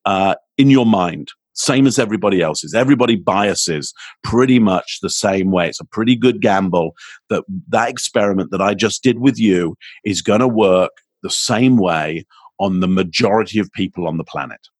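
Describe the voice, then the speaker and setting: Husky-voiced man explaining body language. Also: lowish voice, moderate pace, dry recording. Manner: explanatory, demonstrates intonation with his voice. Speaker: communications expert guest. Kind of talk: podcast interview.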